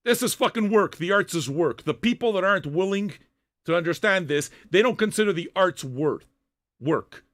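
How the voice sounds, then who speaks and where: An older man hosting a music-reaction livestream, ranting at chat viewers in loud, profane, half-shouted tirades. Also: high voice, animated, normal speed.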